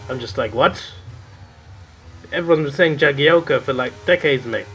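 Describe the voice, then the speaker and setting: A man's voice: mid-range voice, fast, a bit bright, slight background noise, rough recording. A young man chatting casually while playing a racing game, rambling through jokey anecdotes full of British slang. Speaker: gaming video creator. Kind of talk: casual gameplay chat.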